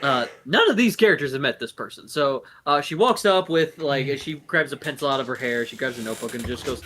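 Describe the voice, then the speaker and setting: A man's voice: mid-range voice, expressive, a little fast, hardly any pauses, sharp tone, slight background noise. A man narrating as game master of a tabletop game, talking loosely with many fillers.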